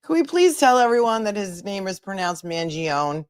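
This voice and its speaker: A woman's voice: medium pitch, very animated, moderate pace, clear, resonant tone, dry recording, clean studio sound. A woman attorney hosting a casual livestream, chatty and joking as she talks straight to her viewers.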